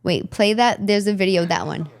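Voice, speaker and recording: A woman's voice: mid-range voice, moderate pace, vocal fry, a little mellow. A woman with a New York accent, hosting a podcast in brash, chatty, emphatic talk. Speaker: podcast host. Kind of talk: casual chat.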